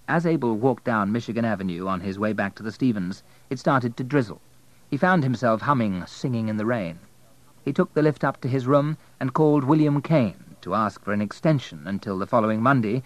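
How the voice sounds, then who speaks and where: A man narrating an audiobook in a steady, measured way. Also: lowish voice, poor audio.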